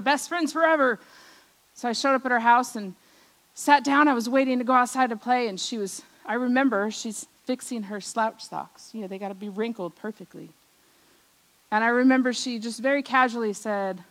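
A middle-aged woman preaching a personal testimony, telling stories from her childhood, acting out the voices she remembers and often trailing off softly. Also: fairly high pitch, normal speed, low-quality recording. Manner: storytelling, acts out remembered voices, drops soft at ends of lines. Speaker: speaker at a church service.

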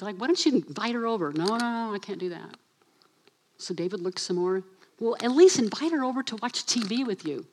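A woman delivering a casual, energetic sermon to her congregation. She slips into little voices to act out her stories and speaks straight to the crowd. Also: medium pitch. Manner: animated, acts out voices, addresses assistant for slides. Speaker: preacher. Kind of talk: lively sermon.

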